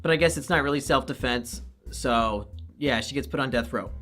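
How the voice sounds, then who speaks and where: Profane, sarcastic male reviewer, bright voice. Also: on the high side, fairly quick, faint music behind. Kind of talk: comedic review commentary.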